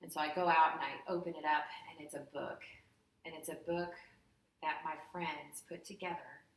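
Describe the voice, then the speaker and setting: A woman in her thirties telling an emotional personal story in a candid, animated way, often acting out what people said. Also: low-pitched, normal speed, slight background noise. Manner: candid, heartfelt, animated retelling with acted-out quotes. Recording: echoey room, voice from a distance.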